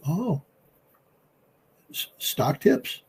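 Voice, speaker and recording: A man's voice: on the high side, big pitch swings, very slow, breathy edge, pitched above the performer's own voice, exaggerated voice. A man putting on the voice of an evasive woman politician who protests her innocence in a mock-innocent tone. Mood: feigned innocence.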